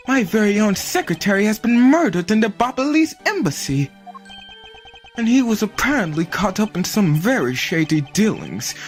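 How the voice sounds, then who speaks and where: A woman's voice: mid-range voice, pitched above the performer's own voice, close to an everyday voice. A woman voicing a meek, apologetic male ambassador in a game, speaking formally and sing-song.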